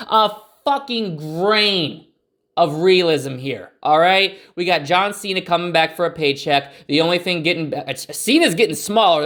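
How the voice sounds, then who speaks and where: A young man ranting with a slightly high voice. He is sarcastic and exasperated, and he swears heavily in a loose, profane monologue. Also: a bit bright. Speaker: wrestling commentator. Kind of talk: profane rant.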